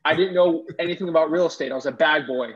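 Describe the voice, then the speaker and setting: A young man telling a lively story as an interview guest, with lots of "like" fillers and restarts. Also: a little high, fast. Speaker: guest real estate wholesaler. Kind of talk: casual storytelling. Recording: dull lo-fi audio.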